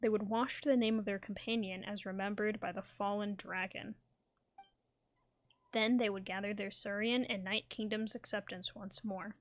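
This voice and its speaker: A woman's voice: medium pitch, steady tone, moderate pace, natural voice. Girl reading a polite formal scholar guy, keeps apologizing, plain voice. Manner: formal, courteous phrasing. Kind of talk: reading game dialogue aloud.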